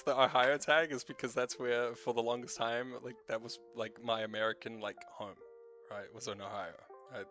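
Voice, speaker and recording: This man from New Zealand, a streamer with a light accent, speaks at medium pitch with a somewhat bright tone. His casual chat wanders, with self-corrections and plenty of swearing.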